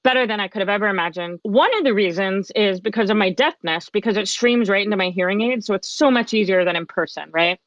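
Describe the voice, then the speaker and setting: A woman who works as a life coach, telling her story as a guest in an interview, lively and animated, acting out what people said. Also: mid-range voice, quick pace, few pauses, dry recording, lo-fi sound.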